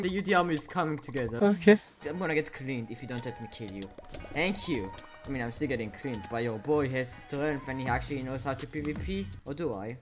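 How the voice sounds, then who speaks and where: Hyper young gaming streamer, lively voice. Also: male voice, a little high, moderate pace, soft background music. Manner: hyper, yelling and laughing, slangy. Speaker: gaming YouTuber. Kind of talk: gameplay commentary.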